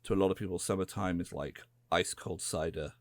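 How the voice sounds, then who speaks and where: Low-voiced West Country man chatting. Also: steady tone, fairly quick, slight background noise. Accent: West Country English. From England. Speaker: podcast co-host. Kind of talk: casual chat.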